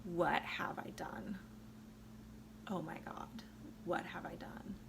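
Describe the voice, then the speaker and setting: Casting: frantic grieving husband, low and hushed, played by a tipsy woman. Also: normal speed, creaky, background noise. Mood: despairing. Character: grieving desperate young husband.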